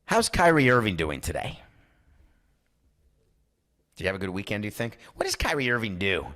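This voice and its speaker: A man's voice: lowish voice, moderate pace. A man hosting a sports talk podcast, giving opinionated monologues and acting out quoted voices. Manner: animated, acts out quoted voices. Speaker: podcast host.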